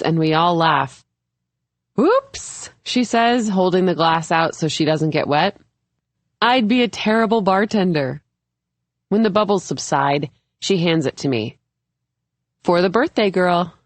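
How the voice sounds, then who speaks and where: A woman reads a first-person thriller aloud at a slow, measured pace. Her voice sits low, and the close recording is dry, with no room around it. She lifts her tone a little for the characters' lines. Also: no echo. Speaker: audiobook narrator. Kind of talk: scripted narration.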